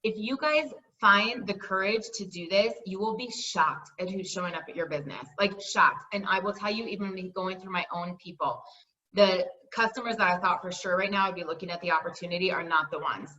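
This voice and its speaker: Bright, upbeat woman leading a team call. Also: lowish voice, fairly quick, far from the mic, muffled recording. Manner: enthusiastic, chatty, peppered with "like" and "right?". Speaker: team leader hosting a sales team call.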